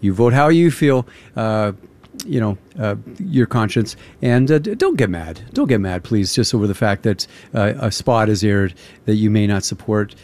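A man talking casually on the radio, his voice sitting a little low. He rambles along with plenty of "uh"s, speaking into a close studio mic. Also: normal speed, darkish tone. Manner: rambling, many uh fillers. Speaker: radio host. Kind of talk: casual on-air chat. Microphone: studio microphone.

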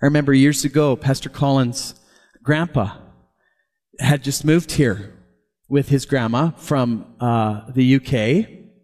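A man preaching a sermon as pastor, lively and chuckling often as he talks. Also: medium pitch, slow pace. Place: church. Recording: long hall reverb.

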